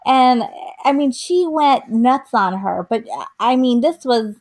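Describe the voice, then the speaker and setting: A woman's voice: fairly high pitch, a little slow. A woman co-hosting a podcast in casual chat, telling stories with lots of fillers and acting out the quotes. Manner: animated storytelling, acts out quotes, many fillers. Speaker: podcast co-host.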